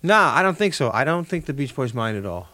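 Older man, halting radio guest, middle pitch, dry studio sound, loose rambling speech. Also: very animated, sharp tone, no echo. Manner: halting, restarts, many fillers. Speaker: interview guest, musician. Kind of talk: radio interview.

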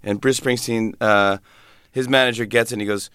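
A man, a comedian, telling a lively story in an interview and acting out other people's voices. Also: mid-range voice, moderate pace, clean tone, no room sound, studio quality. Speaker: comedian guest.

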